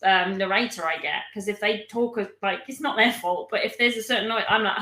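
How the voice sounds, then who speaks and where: Woman co-host, casual and self-mocking, bright voice in an echoey room. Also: medium pitch, fairly quick, hardly any pauses. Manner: chatty, laughs often, self-mocking. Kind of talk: casual chat.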